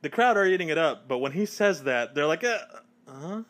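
Male podcast co-host, lively swinging pitch, slightly high, teasing. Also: fairly quick. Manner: animated, teasing, prompts others. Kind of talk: casual chat.

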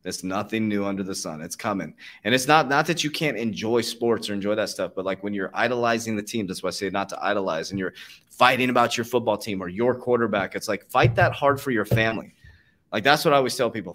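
A man's voice: lowish voice, fast, fairly bright tone. A man hosting a casual podcast conversation, talking in a fired-up, profane, motivational way and laughing often. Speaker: podcast host.

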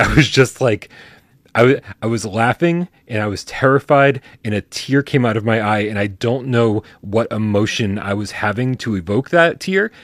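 A man's voice: mid-range voice, dry recording. A man hosting a casual chat, talking animatedly with frequent restarts and casual swearing. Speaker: host.

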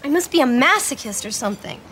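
A woman's voice: high voice, animated, quick pace, fairly bright tone, a little hiss or hum. An actress playing an upset young woman venting about her boyfriend in a TV series, exasperated and self-reproaching. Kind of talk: TV series acting.

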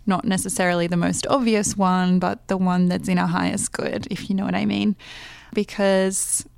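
A woman hosting a wellness podcast, musing softly in a casual, slangy way. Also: lowish voice, little pitch movement, moderate pace, gravelly, clean tone, no room sound. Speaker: podcast host.

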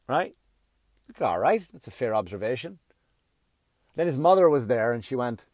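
A middle-aged man hosting his own podcast, delivering a loud, profane comedic rant. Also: mid-range voice, very animated, normal speed, pauses often, no room sound, studio quality.

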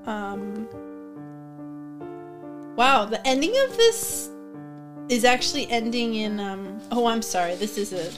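A woman's voice: a little high, lively intonation, slow, pauses often. A woman in casual podcast chat who laughs often and reads from a book aloud. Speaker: guest co-host. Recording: music playing behind.

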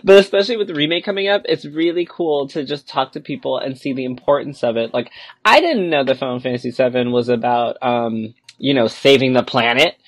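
A podcast co-host in casual roundtable chat, excitable and animated, laughing often as they tell stories. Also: mid-range voice, fairly quick, no echo.

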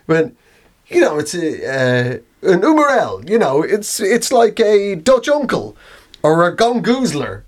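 A man's voice: high-pitched, huge pitch swings, a little slow. A man, co-hosting a casual comedy chat, laughing often and poking fun at himself. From Ireland. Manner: giggly, self-mocking, laughs often. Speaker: podcast co-host.

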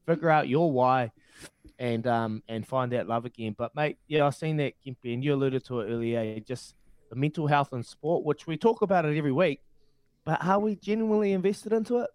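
A man's voice: fairly high pitch, a little fast, darkish tone, smooth, no echo. A man, a former rugby player, giving heartfelt advice in casual sports chat, often restarting his sentences. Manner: heartfelt, advising, stumbling restarts.

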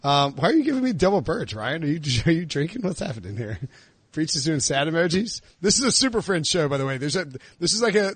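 A man's voice: fairly high pitch, sing-song, quick pace, fairly bright tone, breathy edge, no room sound. A man in his thirties hosting a casual sports podcast and teasing his co-hosts. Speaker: podcast host.

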